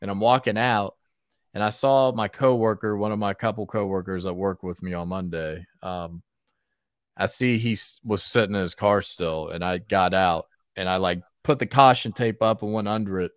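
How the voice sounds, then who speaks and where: Man, podcast host, casual chat, lively storytelling, frequent laughs, low voice, dry close sound. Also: moderate pace, clean tone, dry recording. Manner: animated storyteller, laughs often.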